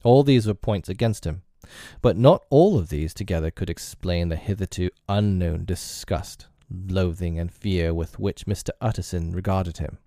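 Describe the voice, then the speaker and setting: A man reading a classic novel aloud in a measured, steady storybook narration. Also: low-pitched, no echo, clean studio sound.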